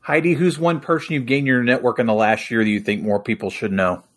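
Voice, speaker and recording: A man's voice: mid-range voice, fairly even intonation, a little fast, a bit bright. A man co-hosting a podcast in a friendly, casual way. He keeps his questions and reactions short. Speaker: podcast co-host.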